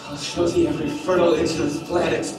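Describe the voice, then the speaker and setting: A man's voice: on the high side, steady tone, fast talker, creaky. A man playing a fawning, brutish island monster on stage, worshipful and eager, recorded from far off in an echoey hall. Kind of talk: live stage acting. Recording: echoey, distant stage mic with music.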